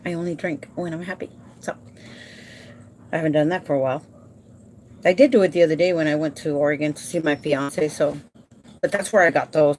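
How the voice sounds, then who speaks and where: A woman who works as a home care provider, talking casually and warmly to her viewers from home, emotional and halting at times. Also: deep voice, slight background noise. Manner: emotional and heartfelt, addresses viewers as "you guys"; halting with repeated restarts when upset.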